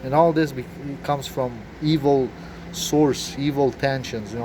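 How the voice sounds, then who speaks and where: A man with a French accent and French as his first language, talking in a rambling, profane, agitated monologue with many halting restarts. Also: mid-range voice, fairly even intonation, background noise.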